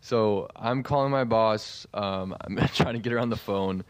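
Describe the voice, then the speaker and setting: A man's voice: on the low side, measured pace, dry recording. A young man telling a long story in a voice message, rambling with many fillers and laughing through it. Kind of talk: casual storytelling.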